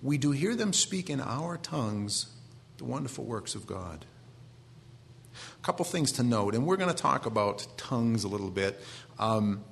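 Male pastor, 40s, Maine accent, easygoing conversational sermon, middle pitch. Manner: conversational, self-deprecating asides.

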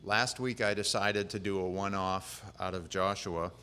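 Low-voiced pastor in a reverberant church. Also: male voice, normal speed, clean tone. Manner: relaxed, plain-spoken, rambling with fillers. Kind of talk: casual conversational sermon. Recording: long reverb of a church hall.

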